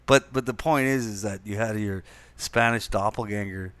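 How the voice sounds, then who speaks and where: A man's voice: on the low side, normal speed, fairly bright tone, clear, resonant tone, no echo. A man co-hosting a casual podcast chat, who reacts in an easygoing way. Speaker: podcast co-host.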